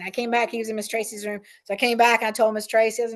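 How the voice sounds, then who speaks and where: A woman's voice: on the high side, little pitch movement, rapid-fire, hardly any pauses. A middle-aged woman leading a parent training session in a casual, conversational way, often checking in with "right?" and "um". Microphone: meeting recording.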